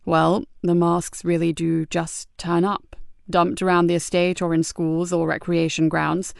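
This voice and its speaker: A woman voicing a weary, steady male police sergeant who talks low and measured. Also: gravelly, clean tone, dry recording, studio quality. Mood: calm.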